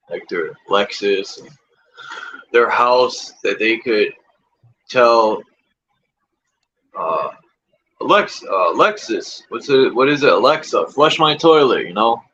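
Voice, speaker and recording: A man hosts a casual livestream, ranting and tossing in rhetorical questions. His voice is low, bright and forceful, with a husky edge. The stream audio is dull and lo-fi. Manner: ranting, repeats rhetorical "right?". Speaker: livestream host.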